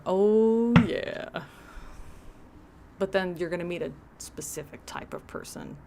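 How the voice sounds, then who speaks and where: A woman's voice: mid-range voice, slow, background noise. A woman hosting a livestream, giving sarcastic reaction commentary with laughing asides. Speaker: livestream host.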